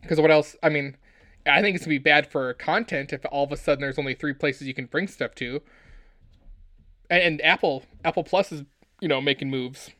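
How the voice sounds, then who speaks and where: A man co-hosting a casual pop-culture podcast, talking in excitable, joking rants. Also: on the high side, fairly quick, no echo, clean studio sound. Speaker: podcast co-host.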